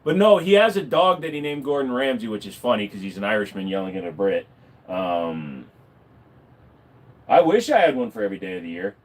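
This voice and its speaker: A man's voice: fairly low pitch, a little fast. A man chatting casually on a livestream, rambling and swearing freely. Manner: animated, swearing, rambling with fillers. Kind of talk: casual live-stream chat.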